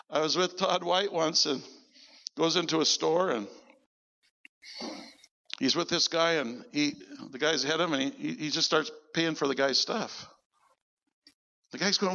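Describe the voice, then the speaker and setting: A male preacher with a bright, high-pitched voice tells stories from the pulpit. He slips into the voices of the people he describes. The recording sounds a little dull and lo-fi. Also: moderate pace, long pauses, long reverb tail. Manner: animated, acts out voices in his stories. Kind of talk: storytelling sermon.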